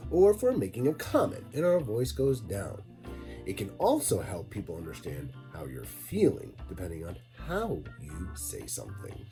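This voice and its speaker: A man narrating a lesson for children, talking slowly and deliberately and addressing the kids directly. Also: low-pitched, dark tone. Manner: slow, deliberate, talks straight to kids. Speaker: teacher.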